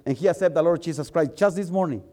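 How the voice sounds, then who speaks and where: A male preacher with a high voice, preaching and storytelling to his congregation. He is animated, stumbling over repeated words as his excitement builds. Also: fast. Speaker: preacher and missionary. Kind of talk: sermon storytelling.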